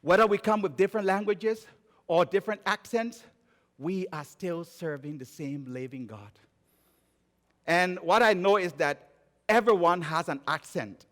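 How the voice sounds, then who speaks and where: A man from Liberia with a Liberian accent, preaching a sermon and telling stories, moving between emphatic raised phrases and quiet low ones. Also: measured pace. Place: church sanctuary. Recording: church sanctuary with long reverb.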